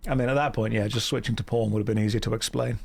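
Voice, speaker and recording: A man's voice: lowish voice, fairly even intonation, very fast, vocal fry, a little mellow, soft background music. A man in his thirties chatting casually and joking with his chat while streaming a game. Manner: joking, self-mocking storyteller reacting to chat.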